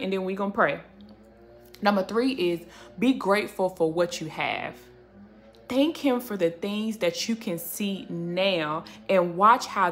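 A woman's voice: medium pitch, sharp tone. A woman giving a passionate devotional talk and prayer to her viewers, emphatic and repeating "right?" as she encourages them. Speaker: Christian faith YouTuber.

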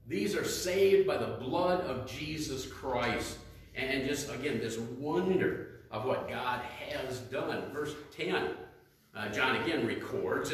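A male pastor preaching a sermon in a conversational style, questioning the congregation and reading scripture aloud. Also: fairly high pitch. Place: church sanctuary. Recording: echoey church hall, mic at a distance.

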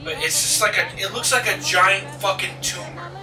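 A man's voice: high-pitched, expressive, normal speed. A young man hosting a let's play, rambling and joking with lots of swearing over his gameplay. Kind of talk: casual gaming commentary. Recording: roomy distant mic, game music behind.

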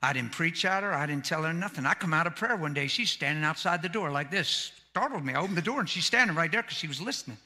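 A man preaching a sermon as a pastor, in folksy everyday grammar, swinging from loud shouts to hushed near-whispers. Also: fairly high pitch, expressive, quick pace, hardly any pauses. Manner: plain colloquial grammar. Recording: echoey hall.

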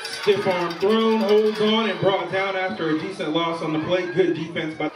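A man calls a youth football game play by play, calm and steady as each snap unfolds. His voice sits a bit high and comes from a distance, echoing over the field. A loud crowd and steady noise fill the background. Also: moderate pace. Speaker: play-by-play commentator.

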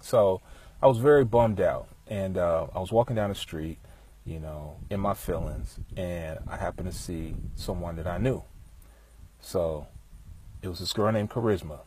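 A man talking outdoors in a relaxed, rambling way, passing on music industry advice full of fillers. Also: deep voice, normal speed, slight background noise. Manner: laid-back, rambling, many fillers. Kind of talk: casual storytelling monologue. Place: outdoors, with bees around.

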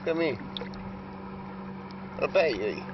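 An Australian man with a middling voice talks slowly to a dolphin from a small boat, coaxing it closer with playful calls and chuckles. The recording is dull and lo-fi, with boat and water noise clear behind him. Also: on the high side, lively intonation. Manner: coaxing, sing-song calls with frequent chuckles. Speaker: vlogger feeding a dolphin. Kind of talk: casual talk to an animal.

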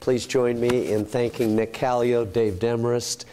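A man's voice: medium pitch, little pitch movement, a little slow, mellow. A man moderating a forum, closing the panel and thanking the speakers.

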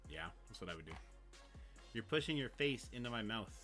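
A man's voice: lowish voice, sing-song, a little fast, pushed and bright, faint music behind. A man streaming a game, chatting casually and playfully coaching his toddler to speak. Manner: playful, coaxing, teaching a toddler to talk. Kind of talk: casual livestream chat.

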